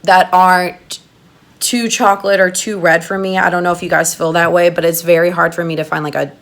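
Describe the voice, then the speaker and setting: Excitable woman doing makeup. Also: on the low side, a little fast. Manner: gushing, excitable, chatty with viewers. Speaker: makeup artist doing a tutorial. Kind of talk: casual makeup tutorial.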